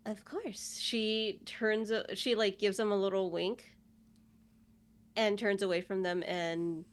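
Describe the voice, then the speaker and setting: A woman's voice: mid-range voice, little pitch movement, slow, clear, resonant tone. Casual woman player, self-assured. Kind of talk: tabletop role-play, in and out of character.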